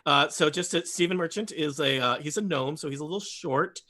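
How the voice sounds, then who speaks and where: A man's voice: a little high, a little fast, pushed and bright. A man running a tabletop game as game master, narrating in a rambling, self-interrupting way.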